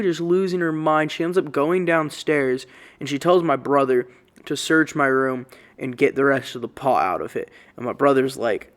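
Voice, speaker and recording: A man's voice: medium pitch, moderate pace. A man casually telling a story-time vlog in a rambling way, full of swearing and slang. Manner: rambling, profane, loose slang. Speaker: YouTuber.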